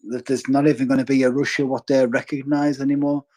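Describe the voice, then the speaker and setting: Cumbrian male caller, blunt, warm low-toned delivery. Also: flat delivery, quick pace, rough recording. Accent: Cumbrian English. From northwest England. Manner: blunt and earnest, swears casually. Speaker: caller in a live audio space. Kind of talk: casual chat.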